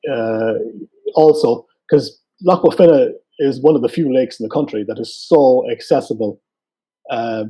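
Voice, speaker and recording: A man with a West Cork Irish accent, a photographer and guest, telling stories in relaxed casual chat with lots of fillers. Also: mid-range voice, normal speed, slightly rough. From Ireland. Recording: dull lo-fi sound.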